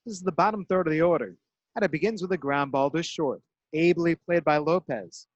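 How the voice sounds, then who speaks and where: A man calling baseball play-by-play in a crisp, measured style that leans into each out. His voice sits a little high, close and dry on a broadcast mic. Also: no room sound, highs cut off. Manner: crisp, measured delivery with dramatic emphasis on outs.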